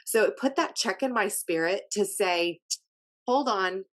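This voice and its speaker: A woman's voice: medium pitch, a little slow. Middle-aged woman, casual guest, talks through fillers and restarts. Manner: chatty, many fillers and restarts. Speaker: podcast guest, health coach. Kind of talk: casual interview chat.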